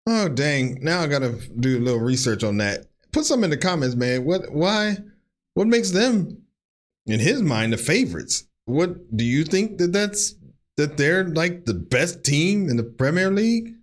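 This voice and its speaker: A man's voice: a little high, very animated, measured pace. An American man reacting to a football video, musing and hesitant, asking his viewers questions. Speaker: reaction channel host. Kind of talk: casual reaction commentary.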